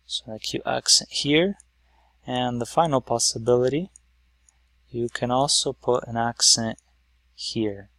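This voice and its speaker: Gravelly man teaching step by step. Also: medium pitch, unhurried, pauses often, fairly bright tone, no room sound. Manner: patient, step-by-step explaining with fillers. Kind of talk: whiteboard lesson.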